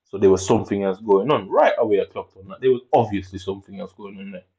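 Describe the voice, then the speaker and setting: A man tells his own story in a low, dark-toned voice, blunt and full of swearing. He acts out other people's words with sudden leaps in pitch. The recording is muffled and lo-fi. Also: fast. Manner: blunt and profane, acting out others' lines with sudden high jumps. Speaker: vlogger telling a personal story. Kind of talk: casual storytelling. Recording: dull lo-fi recording.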